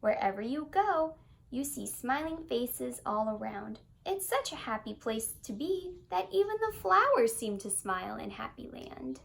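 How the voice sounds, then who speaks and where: A woman reads a children's story aloud, her voice high and full of swooping, singsong expression. She leans into repetitions and delights in every word. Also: big pitch swings, unhurried, gravelly, slight background noise.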